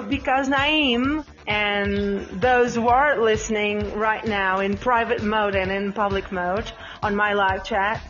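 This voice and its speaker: A woman's voice: fairly high pitch, fairly bright tone, dull audio. A woman with a mixed British and American accent, hosting a casual live chat, rambling with fillers and addressing listeners by name. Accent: mix of British and American English.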